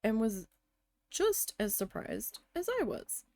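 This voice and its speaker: A woman streaming a building game, telling a story in a casual, venting way with a lot of swearing, and muttering quietly to herself while she builds. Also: fairly high pitch, big pitch swings, slow pace, dry recording. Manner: chatty venting with frequent swearing.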